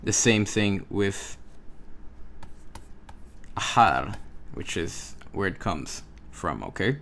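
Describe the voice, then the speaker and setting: A man's voice: low voice, sing-song, slow pace, gravelly, fairly bright tone. A man giving a language lesson, patiently repeating words and checking with the listener. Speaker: Hebrew teacher. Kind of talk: slow, drilling language lesson.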